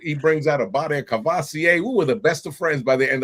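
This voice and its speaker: A middle-aged man from New York, a podcast guest telling his stories in casual, animated talk, often laughing and acting out voices. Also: fairly high pitch, fast talker. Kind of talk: casual interview storytelling.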